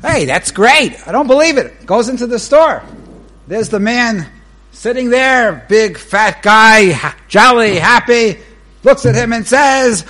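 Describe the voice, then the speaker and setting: A rabbi giving a Torah lecture in a high, light voice. He talks slowly and pauses between short phrases, and his pitch leaps about when he tells a story. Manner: animated storyteller whose pitch leaps while telling a joke. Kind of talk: Torah lecture opening with a joke.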